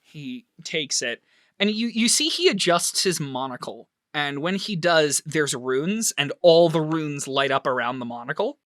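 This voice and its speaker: A man narrating a tabletop role-play game as game master, animated and laughing often. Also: fairly high pitch, a little slow, dry recording, studio quality.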